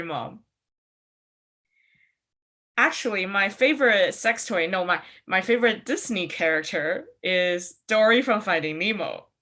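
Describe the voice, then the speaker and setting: A young woman from Canada doing stand-up on a comedy stage, telling playful stories with sudden high-pitched outbursts. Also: pushed and bright. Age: young adult. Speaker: stand-up comic. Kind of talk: live stand-up set.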